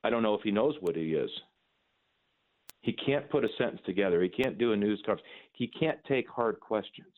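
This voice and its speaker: A man's voice: lowish voice, animated, a little fast. A man hosting a call-in radio talk show, opinionated and emphatic, with mocking asides. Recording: phone-like narrow band.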